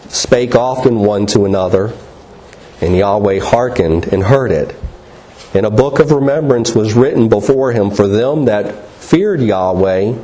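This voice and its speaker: A man's voice: medium pitch, warm tone. A man teaching a Bible class, earnest and explaining verses word by word, often asking rhetorical questions and spelling out words.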